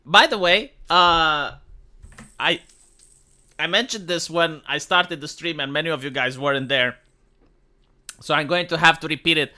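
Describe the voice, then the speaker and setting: A young man hosting a livestream, ranting casually with lots of swearing and big swings in pitch. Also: unhurried, pauses often, pushed and bright. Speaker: livestream host.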